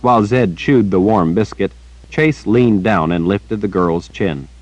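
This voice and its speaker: A man narrating a fantasy audiobook in a steady storytelling manner. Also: on the low side, measured pace, no echo, rough recording. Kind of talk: scripted narration.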